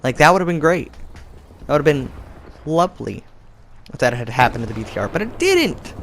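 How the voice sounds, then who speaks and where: Excitable young man narrating gameplay. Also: a little hiss or hum. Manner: excitable, animated storytelling with sudden jumps in pitch. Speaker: gaming YouTuber. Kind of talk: casual gameplay commentary.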